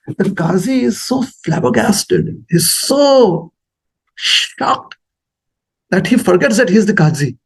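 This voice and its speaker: A man giving a sermon, telling a story in a lively, animated way. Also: high-pitched, slow, slightly rough. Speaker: speaker at a temple talk.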